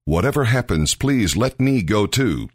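A man's voice: sits low, very animated, moderate pace, dry recording, studio quality. A man voicing an eager young male messenger who pleads to be allowed to go. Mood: pleading.

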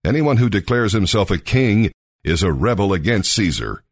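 An angry band of accusing priests , voiced by a single male reader, pressing their demands. The voice is deep and dry, leaping up and down in pitch. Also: expressive, normal speed, no room sound.

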